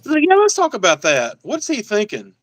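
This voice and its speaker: Relaxed guy on a home stream, kinda high voice, totally dry no room sound. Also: moderate pace, no echo, rough recording. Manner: laid-back, laughs easily, reads out chat names. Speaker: guest and fellow collector. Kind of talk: casual livestream chat.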